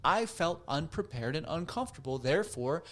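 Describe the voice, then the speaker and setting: A man's voice: on the high side, animated, moderate pace, fairly bright tone. A man in his thirties, a counselor speaking earnestly to camera, livening up when he quotes others. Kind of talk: reflective monologue to camera.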